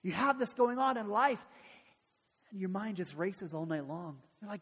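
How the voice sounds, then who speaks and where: A man's voice: high voice, expressive, normal speed, fairly bright tone, breathy edge, big-room sound. A male pastor preaching a sermon and praying, earnest, with frequent restarts and repeated words.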